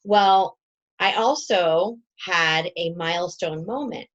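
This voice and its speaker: A woman's voice: mid-range voice, lively intonation, normal speed, muffled recording. A woman in her forties, a team coach giving a chatty, emotional motivational talk, laughing often. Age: 40s.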